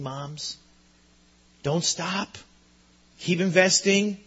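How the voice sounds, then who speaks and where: Husky, bright-voiced preaching man. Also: on the high side, dull audio. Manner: earnest, emphatic preaching with repetitions. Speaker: pastor. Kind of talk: sermon.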